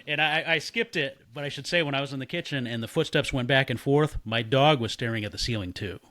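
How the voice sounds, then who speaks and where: A man casually telling a story, animated and swearing freely while he acts out the voices of the people in it. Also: mid-range voice, quick pace. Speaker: podcast guest.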